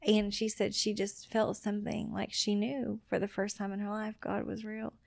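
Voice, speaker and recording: Gravelly-voiced woman sharing an earnest testimony. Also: medium pitch, moderate pace, dry recording, studio quality. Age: adult with children. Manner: earnest, quotes people in lively retellings. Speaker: podcast guest. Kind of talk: personal testimony storytelling.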